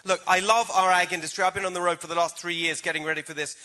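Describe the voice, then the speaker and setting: A man's voice: high voice, steady tone, fast talker, pushed and bright. A man with a British accent answering a debate question as a political candidate, with emphatic stump-speech delivery.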